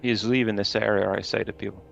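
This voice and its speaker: A man's voice: on the low side, fairly even intonation, fast, gravelly, fairly bright tone, lo-fi sound, soft background music. Man met krakerige lage stem. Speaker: player. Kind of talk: casual tabletop play.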